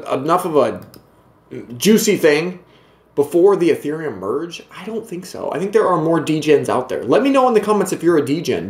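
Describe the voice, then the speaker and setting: A man's voice: on the high side, roomy sound. A man hosting his own video channel, ranting emphatically, repeating himself and talking straight to his viewers. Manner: emphatic, repetitive, talks to viewers directly. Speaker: crypto video host.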